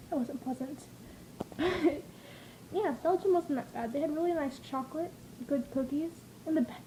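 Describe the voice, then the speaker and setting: A woman's voice: sits high, moderate pace, background noise. A woman vlogging in a casual, rambling way, giggling and acting out her own reactions as she tells stories. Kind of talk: casual chatty vlog storytelling.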